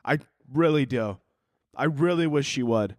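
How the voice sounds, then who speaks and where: A man's voice: mid-range voice, expressive, measured pace, no room sound, studio quality. A man hosting a solo podcast, ranting casually with sarcasm and profanity and laughing at his own jokes. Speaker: podcast host.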